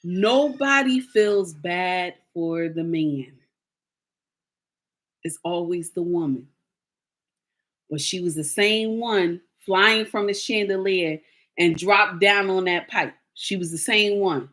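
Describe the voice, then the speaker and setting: A woman's voice: on the low side, slow, fairly bright tone. A woman, ranting in a sassy, indignant casual monologue to her viewers and acting out the people she quotes. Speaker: commentator.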